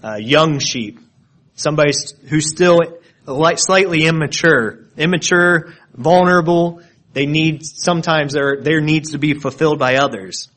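A man's voice: a little high, a little slow, fairly bright tone. A man preaching an expository sermon, explaining word meanings with frequent restarts and repeated words.

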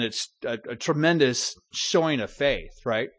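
A man's voice: fairly high pitch, steady tone, normal speed, hardly any pauses, a bit bright. A middle-aged man preaching a sermon in a conversational way, with asides and restarts.

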